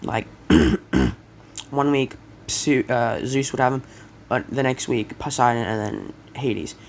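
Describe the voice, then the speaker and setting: A young man rambles through a made-up fan story, stopping to correct himself and fill gaps with ums and likes. His voice is gravelly, and his pitch swings around a lot. He keeps coughing and clearing his throat, over a faint hiss of background noise. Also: animated, slow. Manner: rambling, full of fillers and self-corrections. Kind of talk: casual fan story retelling.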